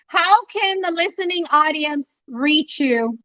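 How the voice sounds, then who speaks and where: A woman's voice: sits high, lively intonation, takes it slowly, pushed and bright, muffled recording. A woman hosting a casual interview show, encouraging and affirming her guest. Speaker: podcast host.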